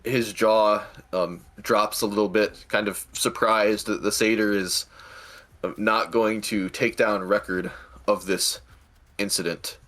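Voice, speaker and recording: Slow, low-voiced man running a tabletop game. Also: fairly even intonation, fairly bright tone. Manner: hesitant, many fillers and restarts. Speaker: game master.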